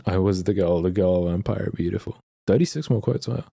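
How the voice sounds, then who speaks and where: A man's voice: deep voice, a little fast, vocal fry, dark tone, breathy edge. A young man from Australia chatting loosely on a live stream, reading and answering viewer messages with a rambling, laughing manner. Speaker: livestreamer reading chat. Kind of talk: casual live-stream chat.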